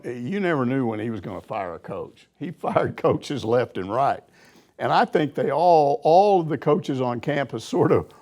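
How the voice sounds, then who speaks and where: An older man, a sports reporter, telling anecdotes in a casual chat and laughing as he goes. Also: medium pitch. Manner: animated storyteller, laughs through anecdotes. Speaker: sports reporter answering questions.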